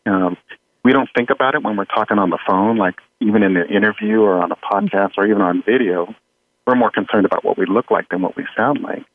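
A man, an audio engineer guest in an interview, talking in a relaxed way with frequent fillers and small laughs. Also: lowish voice, fast talker. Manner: relaxed, chuckling, many fillers. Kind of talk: conversational interview. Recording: tinny phone-like line.

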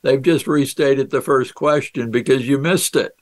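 A man's voice: medium pitch, moderate pace. A man as a podcast guest in a casual interview, friendly and often addressing the host by name.

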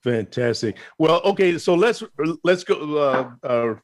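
A man hosting an interview who speaks haltingly and repeats words while he searches for them. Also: on the high side, expressive. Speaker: interviewer host. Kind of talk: casual interview.

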